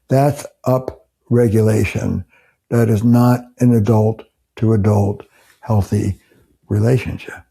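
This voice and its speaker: A man's voice: mid-range voice, gravelly, dark tone, husky. An older man, a couples therapist, earnestly explaining ideas to camera and acting out example phrases. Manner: earnest, emphatic, acts out example quotes.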